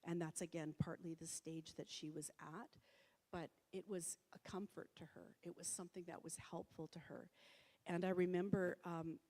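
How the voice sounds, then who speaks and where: A woman's voice: on the low side, little pitch movement, moderate pace, darkish tone. A middle-aged woman giving a conversational public talk in a church hall, with many fillers and restarts. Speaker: presenter. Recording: reverberant hall.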